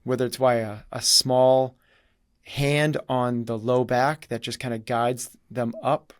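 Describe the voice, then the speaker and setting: A man's voice: medium pitch, flat delivery, slow, dry recording, clean studio sound. A man telling a story in conversation, acting out quoted dialogue as he goes. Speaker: guest.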